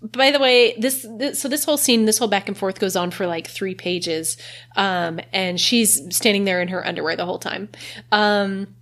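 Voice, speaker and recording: A woman's voice: medium pitch, moderate pace, fairly bright tone. Young woman host, chatty, laughs a lot, recapping a pulp novel with friends. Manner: chatty, laughs often, acts out quotes. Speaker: podcast host. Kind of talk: casual book recap chat.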